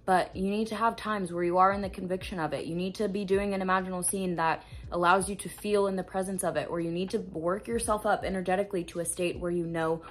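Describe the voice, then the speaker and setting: A woman's voice: fairly low pitch, steady tone, fast, few pauses. A woman manifestation coach giving an earnest, emphatic self-help talk to camera, repeating phrases for stress and swearing now and then.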